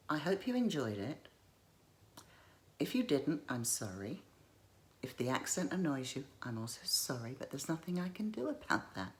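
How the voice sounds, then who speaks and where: Low-voiced woman vlogging, chatty and self-deprecating, voice goes up and down a lot. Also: gravelly, a little mellow. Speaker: YouTube haul vlogger. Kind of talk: chatty vlog monologue.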